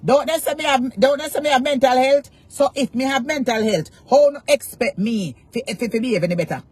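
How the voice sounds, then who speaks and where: A woman's voice: sits high, a little fast, darkish tone, breathy edge, dry recording. A Jamaican woman ranting defiantly to her followers, cursing in Patois and repeating taunts. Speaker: social media personality. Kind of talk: angry rant to camera.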